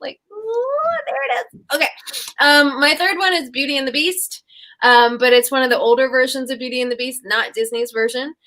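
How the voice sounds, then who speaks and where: A woman's voice: high voice, steady tone, fairly quick, sharp tone. A young woman co-hosting a casual chat show, retelling fairy tales in a rambling, giggly way. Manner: chatty, rambling, giggly storytelling. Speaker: co-host.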